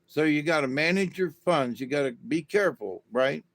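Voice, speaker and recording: A man's voice: fairly high pitch, lively intonation, normal speed, creaky, fairly bright tone. A man giving a casual, rambling monologue to his viewers in a folksy manner, full of "you know" asides. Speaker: vlogger.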